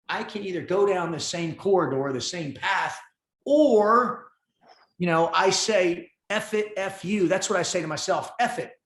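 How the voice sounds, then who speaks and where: A man with a fairly high voice tells his story with intense, animated energy. He swears freely and leans into every phrase. The room around him rings with echo. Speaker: podcast guest. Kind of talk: storytelling in casual conversation. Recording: roomy echo.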